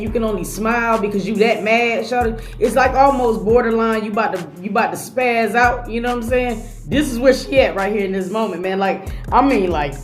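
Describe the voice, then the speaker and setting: Slangy woman in an echoey room. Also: on the high side. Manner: slangy, emphatic, chatty. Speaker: reaction video host. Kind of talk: casual reaction commentary. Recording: echoey room with faint music.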